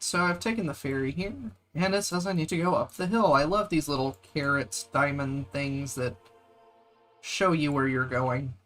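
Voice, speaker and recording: A man's voice: a little high, sharp tone. Brief: a male streamer, loose and jokey, chatting with viewers between tasks. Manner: joking, chatty, talks to viewers. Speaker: game streamer. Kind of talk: casual gameplay commentary.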